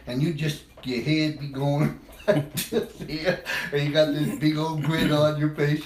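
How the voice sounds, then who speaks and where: A man from the United States speaks in an informal, meandering monologue, often restarting phrases and laughing at his own words. His voice sits slightly high for a man. The room around him is echoey. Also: moderate pace. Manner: rambling, repeats words, laughs at himself. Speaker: speaker on language.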